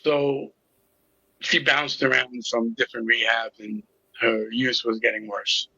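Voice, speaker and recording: A man's voice: mid-range voice, level tone, measured pace, bright, forceful tone, breathy edge, no room sound, lo-fi sound. A middle-aged man telling his personal story as an interview guest, candid and with a sarcastic sense of humor. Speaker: interview guest, recovery coach.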